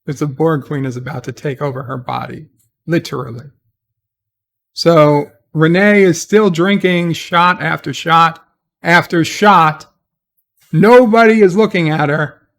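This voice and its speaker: A man with a slightly high voice talks slowly through a TV episode he is reviewing. He rambles and hesitates, filling gaps with "uh" and "he's like". His asides turn sarcastic and exasperated. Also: creaky, fairly bright tone. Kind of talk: casual spoken episode recap.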